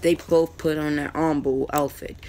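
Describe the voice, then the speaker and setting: A man narrating his own anime fan-fiction story in a casual, halting way, often restarting names and using slang. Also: fairly high pitch, little pitch movement, darkish tone, slight background noise.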